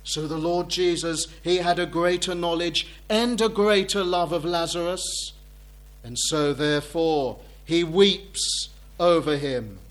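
A man preaching a sermon, reading scripture aloud in old-fashioned wording and repeating key phrases for emphasis. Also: on the high side. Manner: slow, deliberate preaching with emphatic repetition.

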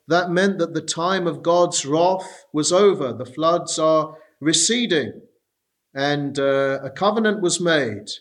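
A man preaching an expository sermon, reading Bible verses and explaining them in a measured way with frequent pauses. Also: a little high.

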